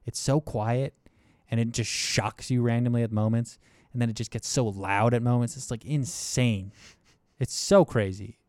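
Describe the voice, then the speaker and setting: An excitable young man co-hosting a film podcast, his voice leaping from low mumbles to high, eager bursts. The sound is close and dry, with no room around it. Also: normal speed, no room sound. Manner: enthusiastic, animated, swings between mumbled asides and excited bursts. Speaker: podcast co-host. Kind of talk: casual film review chat.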